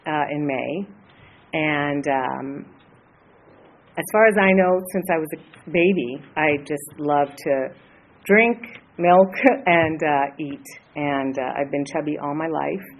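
A woman in her late fifties, from the Los Angeles area, sharing her story at a recovery meeting, hesitant and earnest with many pauses. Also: sits low, a little hiss or hum, poor audio. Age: 50s. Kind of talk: personal share at a support meeting.

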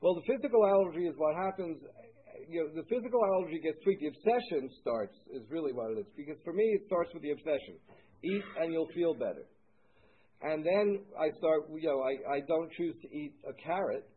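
A man speaking haltingly at a support meeting, repeating words and using many fillers as he shares his story and takes questions. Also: fairly high pitch, animated, husky. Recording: tinny phone-like recording.

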